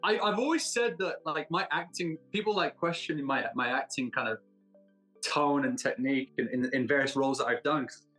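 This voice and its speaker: A man from Britain, an actor guest in a casual interview, talking in a jokey, self-mocking way with quick asides. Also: on the high side, sharp tone, faint music behind.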